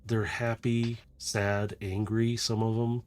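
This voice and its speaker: A man narrating a tabletop game as game master, slow and descriptive with frequent restarts. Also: lowish voice, little pitch movement, darkish tone.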